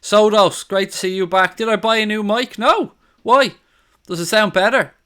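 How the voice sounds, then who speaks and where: An Irish man hosts a relaxed football live stream from his living room, talking straight into a studio mic. His voice sits a little high and sounds bright and smooth. He jokes, swears casually and reads viewers' comments aloud. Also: moderate pace. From Ireland. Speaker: football channel host. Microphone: studio condenser mic on a stand.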